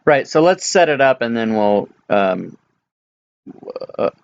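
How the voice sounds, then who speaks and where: A man running a tabletop game as dungeon master, talking casually with pauses and fillers. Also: mid-range voice, big pitch swings, gravelly, clear, resonant tone, lo-fi sound.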